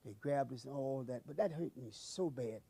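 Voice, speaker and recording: A man's voice: mid-range voice, normal speed, gravelly, warm tone, husky, dry recording. A man recounting an eyewitness memory in an emotional, dramatic storytelling manner. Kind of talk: eyewitness recollection.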